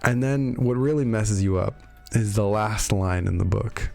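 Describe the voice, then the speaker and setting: A man's voice: lowish voice, measured pace, gravelly, darkish tone. A man casually recapping a game story for his video, with wry, sarcastic jokes and lots of fillers. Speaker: video host reviewing game lore. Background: faint background music.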